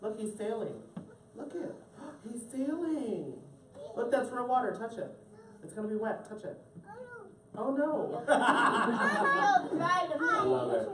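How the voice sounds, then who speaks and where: Drag queen storyteller, slow and animated, cracking jokes to the kids; distant, roomy recording. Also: medium pitch, noisy background. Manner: playful, joking asides to the audience. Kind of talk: reading a picture book aloud to children. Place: indoor event space with a family audience. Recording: echoey room, far from the mic, crowd.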